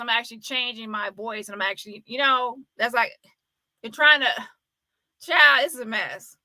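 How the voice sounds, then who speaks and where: A woman's voice: fairly high pitch, normal speed, bright, forceful tone, dry recording. A woman hosting a casual live-stream commentary, chatty and often exclaiming as she talks. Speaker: commentary host.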